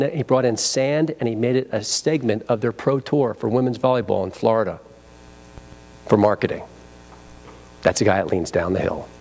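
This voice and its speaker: An energetic man teaches a sales training session in a convention seminar room. He talks at a middle pitch, acts out phone greetings and prompts his audience to repeat lines back to him.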